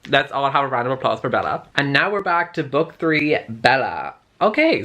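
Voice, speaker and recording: Young guy doing a chatty campy book reaction vlog, sassy little asides, reads bits out loud. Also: medium pitch. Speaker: book vlogger. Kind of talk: casual reading-reaction vlog.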